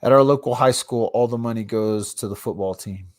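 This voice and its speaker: Ranting dad on a phone livestream. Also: male voice, medium pitch, brisk. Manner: ranting, swings between loud outbursts and mumbled asides. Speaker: livestream host. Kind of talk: casual live-stream rant.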